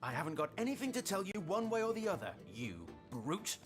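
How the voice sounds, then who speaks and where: A man's voice: high voice, very animated, a little fast, over music. A man playing a surly, bitter undertaker in a video game, brusque and dismissive.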